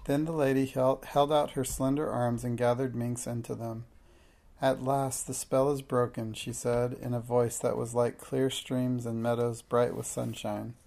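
Man, storybook narrator, gravelly, middle pitch, gentle. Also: level tone, normal speed, hardly any pauses. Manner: gentle, reads children's dialogue with light voices. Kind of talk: storybook reading aloud.

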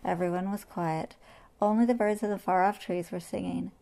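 A woman reading a children's animal story aloud in a gentle, measured way. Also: lowish voice, steady tone, vocal fry.

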